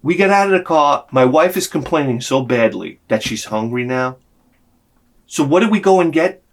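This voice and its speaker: A man telling a personal story in an animated way, swearing freely and acting out the people in it. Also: a little high, normal speed. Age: adult with a young son. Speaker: video creator.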